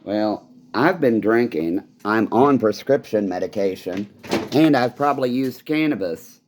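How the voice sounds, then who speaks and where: A man's voice: fairly low pitch, lively intonation, unhurried, noisy background. A man giving an angry, rambling personal monologue, swearing often and sounding bitter. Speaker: vlogger.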